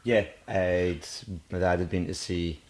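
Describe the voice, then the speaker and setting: A man's voice: sits low, fairly even intonation, unhurried, a little mellow. A man hosting a podcast, chatting casually with a guest and teasing him with dry jokes. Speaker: podcast host. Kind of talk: casual chat.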